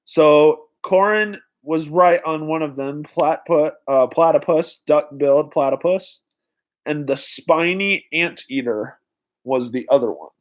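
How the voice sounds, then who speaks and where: A young man hosting a live-stream trivia night, excitedly greeting viewers in the chat by name. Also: a little high, a little slow. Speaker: livestream host.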